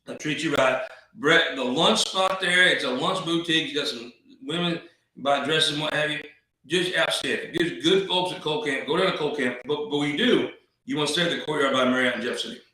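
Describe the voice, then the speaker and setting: A man's voice: on the high side, fairly quick, pushed and bright, very echoey, distant mic, low-quality recording. A man hosting a political talk show, rambling in a folksy, wisecracking way. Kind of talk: casual political commentary.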